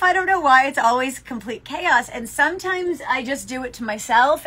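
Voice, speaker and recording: A woman's voice: high voice, bright, forceful tone. A woman co-hosting a casual podcast chat in a yarn shop, telling stories and laughing often. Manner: chatty storyteller, laughs often. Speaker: podcast co-host.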